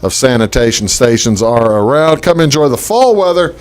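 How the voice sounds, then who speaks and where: A man's voice: medium pitch, sing-song, normal speed, clear, resonant tone. Chatty rambling male talk show host. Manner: chatty, rambling with many fillers and restarts. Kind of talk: casual local talk show.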